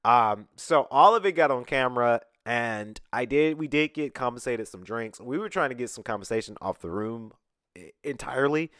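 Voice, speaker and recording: A man with a mid-range voice talks at normal speed, hosting a podcast from a recording studio and telling a story casually. Hailing from Atlanta, USA, he acts out quoted people with animation, and his studio podcast mic produces clean, roomless sound.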